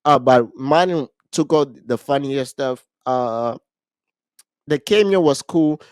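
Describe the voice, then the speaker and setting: A man co-hosting a casual podcast, retelling a movie plot in an animated way, with frequent restarts. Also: medium pitch, takes it slowly, clear, resonant tone, no room sound, studio quality. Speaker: podcast co-host.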